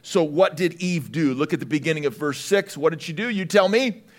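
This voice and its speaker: High-voiced lively preaching man. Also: a little fast. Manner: lively preaching, rising to shouts. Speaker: pastor. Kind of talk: sermon.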